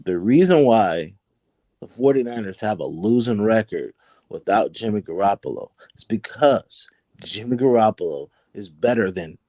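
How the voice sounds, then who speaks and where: A man with a dark, mellow voice lays out his sports opinions with emphasis, doubling up words as he gets going. The sound is dry and close, with no room around it. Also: lowish voice, animated, unhurried, dry recording. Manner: emphatic, repeats words when fired up. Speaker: call-in guest on a sports podcast. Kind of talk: animated sports opinion talk.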